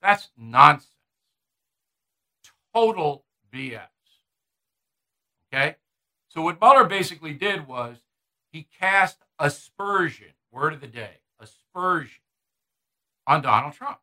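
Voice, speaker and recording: Brief: emphatic, combative man doing opinion commentary, sharp and high-pitched. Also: expressive, unhurried, long pauses, poor audio.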